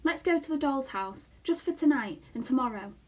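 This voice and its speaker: A woman voicing a tiny young girl who speaks in breathless, tearful excitement. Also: high-pitched, normal speed, pitched above the performer's own voice. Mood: excited.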